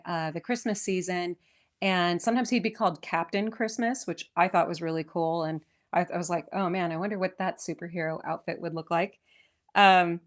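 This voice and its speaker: A woman with a West Coast American accent hosting a podcast. She reads an old poem aloud, then chats about its history in a lively, enthusiastic way with frequent restarts. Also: lowish voice. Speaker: podcast host. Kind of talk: poetry reading and casual history chat. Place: lives in England.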